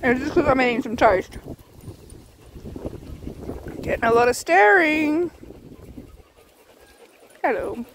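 A woman with an Australian accent coos slowly to a pack of dogs, her voice rising and falling a great deal. Her pitch sits fairly high. Faint background noise from the dogs runs underneath. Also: big pitch swings. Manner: sing-song praise to dogs. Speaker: dog daycare worker. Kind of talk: casual talk to dogs. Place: dog daycare yard.

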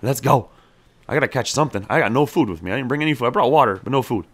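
Chatty man with a lively, bouncing pitch. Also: very fast. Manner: chatty, talks to his character, cheers on in-game action. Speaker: gameplay streamer. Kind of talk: casual let's-play commentary.

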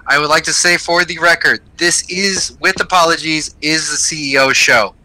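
A man's voice: a little high, fairly even intonation, normal speed, pushed and bright, no room sound, poor audio. A man running a comedic mock trial on a stream, calling for order and reading out rulings.

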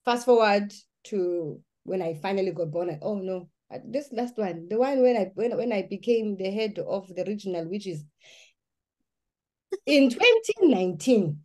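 A woman's voice: medium pitch, animated, moderate pace, a little mellow. A woman giving an earnest personal testimony, speaking emphatically and often restarting her sentences.

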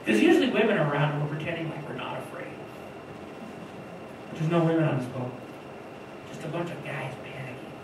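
Woman preacher with a lively, animated storytelling delivery, recorded from a distance in a very echoey church hall with faint background noise. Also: deep voice, brisk, pauses often. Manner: animated storytelling, acting out voices of the disciples. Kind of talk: sermon.

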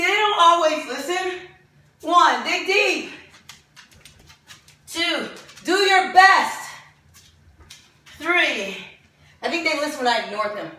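A woman's voice: extremely high pitch, sharp tone, heavy reverb, recorded from a distance. A woman leading a home fitness workout, counting reps aloud and cheering people on, often out of breath as she exercises. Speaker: fitness instructor. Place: home room with dogs.

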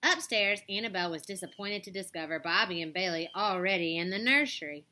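A woman reading a children's chapter book aloud, with expressive, animated storytelling. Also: lowish voice, fairly quick. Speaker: storybook reader.

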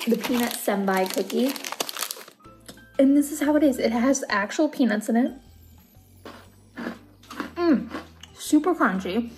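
A woman hosting a reaction channel, enthusiastically reading a snack-box sponsorship with bubbly praise. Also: mid-range voice. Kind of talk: sponsor read, then reacting to anime.

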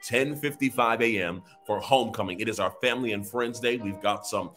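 A man's voice: lowish voice, a little fast, fairly bright tone, faint music behind. A male pastor leading an online service, repeating his declarations, then chatting and thanking people with many fillers. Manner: declarative preaching, repeating phrases; conversational with frequent fillers when thanking givers. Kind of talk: online sermon with prophetic declarations.

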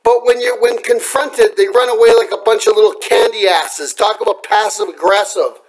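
Angry home vlogger, male, very high pitched, cracking voice, profane threatening rant. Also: steady tone, normal speed, rough recording. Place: home at night.

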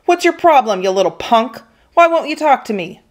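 Give me a sneering, taunting teenage bully boy, put on by a woman reading aloud, pitched high and pushed loud. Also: fairly quick. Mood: angry. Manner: taunting, jeering.

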